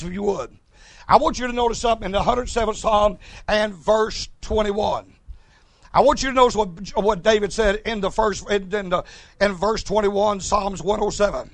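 A man preaching a fiery sermon, asking "is that right" over and over and breaking into shouts. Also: sits high, gravelly, no echo. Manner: rhythmic, repeats "Is that right?", bursts into shouts.

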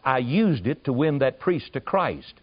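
A man preaching, telling a folksy, animated story with asides to his listeners. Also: mid-range voice, measured pace, breathy edge. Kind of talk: storytelling sermon. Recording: muffled lo-fi recording.

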